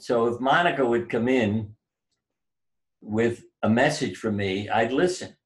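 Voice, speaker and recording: In a storytelling interview, an older man who is a doctor and author recounts anecdotes, animatedly performing the voices of the people he quotes. He speaks in a mid-range voice at a slightly slow pace, and the recording quality is low.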